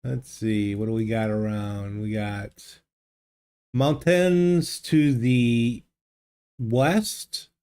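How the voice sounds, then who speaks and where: A man's voice: mid-range voice, steady tone, drawn-out words, darkish tone, smooth. A man live-streaming a geography guessing game, thinking aloud and chatting casually with his viewers. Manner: thinks aloud, muses and answers viewers' chat. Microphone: desk microphone.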